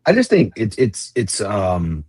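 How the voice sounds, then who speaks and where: Deep raspy man rambling about football. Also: huge pitch swings, a little slow, darkish tone. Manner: rambling, thinking aloud. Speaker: podcast co-host. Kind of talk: casual sports chat.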